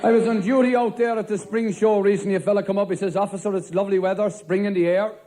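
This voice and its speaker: A high-pitched Irish stand-up comedian tells jokes live, posing as a policeman. His delivery is deadpan storytelling broken into quick one-liners, and faint crowd noise and laughter come through.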